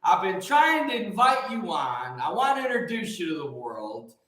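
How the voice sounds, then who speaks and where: An American man hosting a morning livestream, hyped and shouting out viewers by name with rhyming catchphrases. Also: high voice, sing-song, moderate pace, heavy reverb, slight background noise, rough recording. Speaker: livestream host. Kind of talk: upbeat live-stream greeting viewers.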